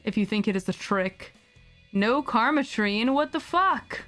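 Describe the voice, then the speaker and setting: A woman streaming a game, chatting casually, animated, swearing and laughing often. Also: a little high, measured pace, faint music behind. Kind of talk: casual gameplay stream commentary.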